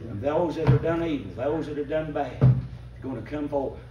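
A man's voice: fairly high pitch, moderate pace, dull audio, heavy background noise. An older man preaching a fervent revival sermon in a church, breaking into emphatic bursts as the congregation calls back. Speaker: visiting preacher. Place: church sanctuary. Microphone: distant room mic. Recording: echoey church from far off. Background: congregation calling out responses.

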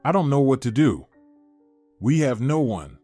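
A man's voice: mid-range voice, big pitch swings, measured pace, mellow, no room sound, soft background music. A man voicing a grieving, desperate young man. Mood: halting.

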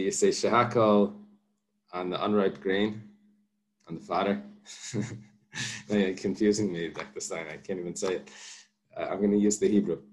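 A man teaching a daily Talmud class, reading Aramaic and translating it line by line with patient explanations and light joking asides. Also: low-pitched. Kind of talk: daf yomi Talmud class.

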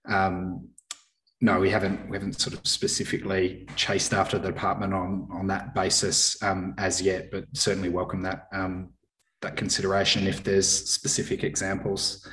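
A man answering questions on an online panel in a measured, hesitant way. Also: low voice, completely flat delivery, fairly bright tone, echoey room, slight background noise, low-quality recording. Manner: measured, hesitant, filler-heavy.

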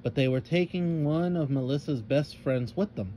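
A man reading a children's story aloud with expressive narration. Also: a little high, normal speed, slight background noise.

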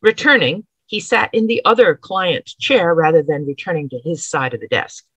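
A woman author reading her own period story aloud in a measured, expressive way. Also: low voice, breathy edge, no room sound, low-quality recording. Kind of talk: dramatic reading of period fiction.

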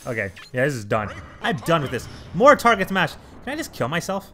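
A man narrates his gameplay in a casual, unscripted way, his high voice swinging widely in pitch as frustration builds. He swears freely and breaks into sudden yells. His tone stays bright and sharp-edged, with faint music playing behind him. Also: very animated, fairly quick, hardly any pauses. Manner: frustrated, swearing, bursts of yelling. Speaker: let's play host.

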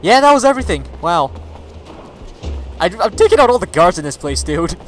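Male gamer with a high, swooping voice, profane, quick to yell, faint game music underneath. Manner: excitable, swears a lot, yells at his companion. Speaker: gaming video creator. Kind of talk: let's play commentary.

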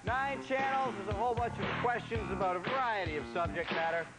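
A man hosting a game show, cracking jokes and teasing the contestants in quick comic patter. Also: sits high, poor audio. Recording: loud show music underneath.

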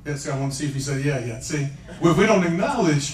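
The evangelist's voice is fairly high, animated, and fast as he preaches prophetically to individuals in a church conference hall. He leans on "listen" repeatedly, stays emphatic and playful, and laughs between points, with echoey, distant-mic sound.

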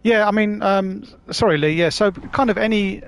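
A man's voice: high voice, moderate pace, creaky. A man from London with a Cockney accent, chatting casually with viewers while live-streaming a game, matey and swearing freely. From London, England. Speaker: gaming livestreamer.

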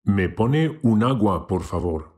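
A man giving a scripted language lesson who slowly and carefully demonstrates how to pronounce each word. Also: on the low side, sing-song, a little mellow. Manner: slow, careful demonstration of pronunciation. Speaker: language teacher.

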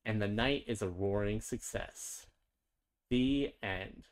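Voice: mid-range voice, slow pace. Playful storybook reader. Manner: gentle, chatty, playful. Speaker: children's book reader. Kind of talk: storybook read-aloud with chatty asides.

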